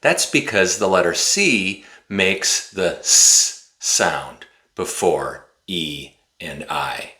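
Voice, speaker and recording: An American male teacher gives a pronunciation lesson, speaking slowly and articulating carefully to demonstrate sounds. His pitch is lively and the sound is roomy.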